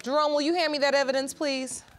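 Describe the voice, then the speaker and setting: A woman's voice: sits high, steady tone, quick pace, slight background noise. A woman presiding as judge on a courtroom show, questioning witnesses firmly and pressing for direct answers. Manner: firm, probing, repeats questions to press for answers. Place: television courtroom set.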